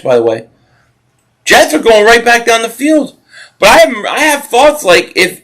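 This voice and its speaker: A man hosts a football watch party on a live stream, his voice sitting high with a fairly bright tone over a rough recording. He chats loosely, reads out viewer comments, and reacts to the plays, often starting his sentences over.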